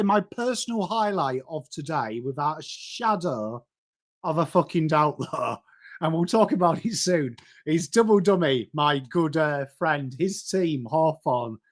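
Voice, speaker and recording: An English man with a Yorkshire accent hosting a live sports stream, chatty and matey, greeting viewers by name and swearing casually. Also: on the high side. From England. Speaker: host.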